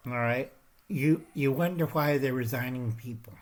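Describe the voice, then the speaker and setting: Speaking at a moderate pace in a mid-range voice, this man hosts his own channel. His political commentary rambles and hits hard, punctuated again and again by "Okay?" and "All right?"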